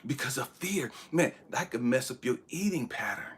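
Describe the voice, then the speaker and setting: A man's voice: medium pitch, expressive, normal speed, breathy edge. A man in his thirties giving a spiritual motivational talk, preaching with bursts of emphasis that drop to near-whispers. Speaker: motivational speaker.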